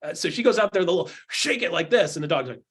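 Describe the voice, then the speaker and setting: Husky man coaching with animated energy. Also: fast talker. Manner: animated, acts out quotes with jumps in pitch. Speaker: real estate coach on a mastermind call. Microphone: video call.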